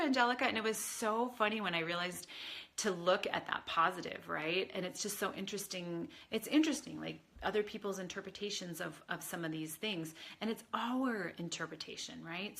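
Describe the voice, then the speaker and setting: A woman's voice: lowish voice, fairly bright tone. A woman spiritual advisor talking casually on a livestream, chatty and rambling with many fillers, answering viewers. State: tearful at times.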